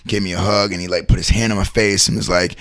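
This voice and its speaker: Host, male, thirties, bright voice, animated storyteller. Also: sits low, fast. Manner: animated, laughing, acts out stories. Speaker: host and wedding DJ. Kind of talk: casual storytelling chat.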